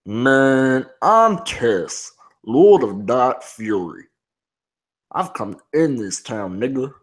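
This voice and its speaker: A man voicing an evil, contemptuous male monster in loud, sneering declamation. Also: medium pitch, big pitch swings, very slow, full character voice. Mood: menacing.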